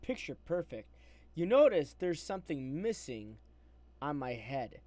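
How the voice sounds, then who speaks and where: Speaking through wired earbuds with a mic, a live streamer goes on a casual, agitated rant, clearly upset and restarting often. The voice is mid-range and mellow, with a sing-song lilt and a measured pace.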